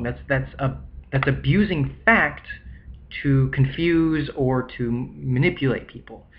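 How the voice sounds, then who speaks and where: Young man, casual vlog monologue, restarts a lot, muffled lo-fi sound. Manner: rambling, restarts often, acts out quoted people in a high voice. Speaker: vlogger.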